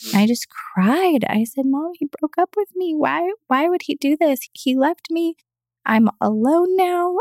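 A woman's voice: lowish voice, vocal fry, darkish tone, no room sound, studio quality. A woman telling her personal story as a podcast guest, speaking earnestly and with emotion. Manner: acts out quoted voices. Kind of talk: personal testimony in an interview.

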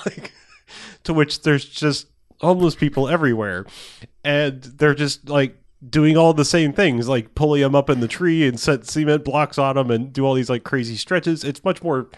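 A man co-hosting a podcast, recapping a movie in casual chat, rambling and swearing, laughing often and acting out quotes. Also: on the high side. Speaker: podcast co-host.

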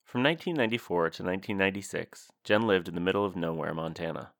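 A young man with a very deep, low-pitched voice co-hosts a casual podcast. He jokes around and rambles, often poking fun at himself as he talks. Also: fast. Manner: joking, rambling, self-deprecating. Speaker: podcast co-host.

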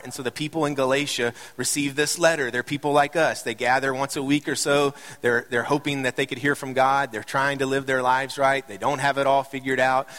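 This middle-aged pastor's sermon, recorded in a reverberant hall, starts conversational and playful with light jokes, then rises to impassioned emphasis. His voice is medium-pitched and a bit bright.

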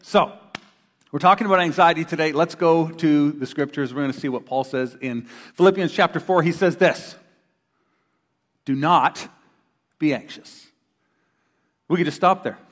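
Man, middle-aged, pastor, sermon, fairly high voice, animated storytelling, long hall reverb. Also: a little fast. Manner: animated storyteller who acts out quoted voices. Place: church hall before a congregation.

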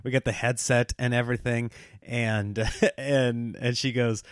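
A man in his thirties, a stand-up comedian, telling animated, self-mocking stories in a casual monologue and laughing at himself. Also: medium pitch, a little slow, smooth, dry recording, studio quality.

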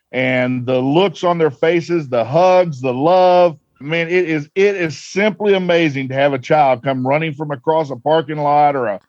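A man's voice: fairly high pitch, darkish tone, no echo. A man who works as a Santa performer, talking in a folksy, jovial and earnest way during a casual interview. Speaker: professional Santa performer, guest. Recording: slightly dull, lo-fi sound.

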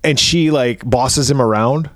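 A man's voice: medium pitch, a little slow, a bit bright, no room sound. Male podcast co-host, casual and crude, acts out scenes in goofy voices, dry close mic. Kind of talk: casual movie chat.

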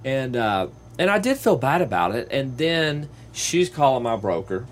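A man's voice: normal speed, a little hiss or hum. A man hosting a podcast, telling a casual story and acting out the other people in it with a raised voice. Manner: animated, acts out quoted voices in a higher pitch. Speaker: podcast host and real estate agent.

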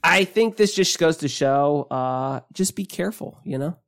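Chatty animated man hosting a podcast. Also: a little high, normal speed, creaky. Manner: animated, chatty, trails off and restarts. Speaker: podcast co-host. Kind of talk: casual podcast chat.

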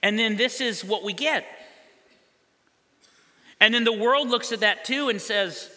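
A man's voice: high-pitched, unhurried, pauses often, pushed and bright, big-room sound. A male pastor preaching a sermon in a loose, conversational way, acting out little scenes for his congregation. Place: church sanctuary.

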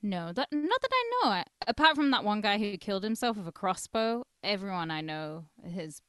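A woman's voice: mid-range voice, big pitch swings, a little fast, a bit bright, clean tone, no echo, studio quality. Wry woman co-hosting a podcast. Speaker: podcast co-host. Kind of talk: casual comedic chat.

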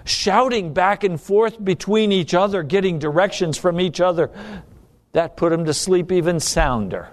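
A man's voice: sits high, moderate pace. A man preaching a sermon, dramatic and emphatic, acting out desperate pleas.

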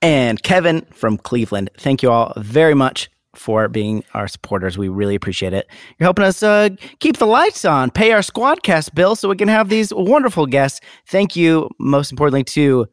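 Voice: medium pitch, big pitch swings, moderate pace, few pauses, no echo, clean studio sound. A podcast host chatting casually, rambling and laughing, reading out thanks to supporters. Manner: rambling, laughing, self-deprecating. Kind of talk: casual chat.

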